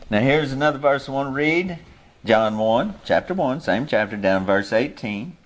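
A man preaching an informal sermon, earnestly searching for words with many restarts, and reading scripture slowly. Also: medium pitch, animated. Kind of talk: informal sermon, Bible teaching.

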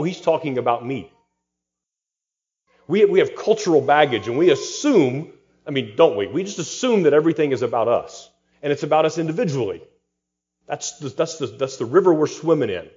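A man's voice: a little high, expressive, a little fast, darkish tone, highs cut off. A man, a pastor, preaching an expository sermon with rhetorical questions and dry humor.

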